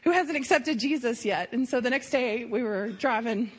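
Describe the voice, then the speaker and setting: A woman's voice: fairly high pitch, normal speed, slightly rough. A woman sharing a church mission trip testimony in a casual, emotional way, with lots of fillers. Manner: emotional, filler-heavy storytelling.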